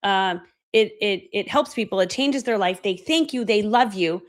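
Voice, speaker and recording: A woman in her forties leads a motivational training talk as an online course coach. She speaks in a chatty, storytelling way, mocking herself and acting out her own past reactions. Her voice sits at an ordinary middle pitch for a woman. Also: moderate pace. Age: 40s. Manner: self-deprecating, chatty, many fillers like "right?".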